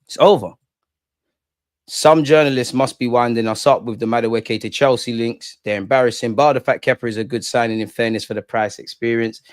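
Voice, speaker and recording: A man's voice: medium pitch, steady tone, a little fast, dry recording, clean studio sound. A young man, chatting casually on a live stream in slangy, joking banter. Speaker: streamer reading live chat. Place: room at home with curtains closed.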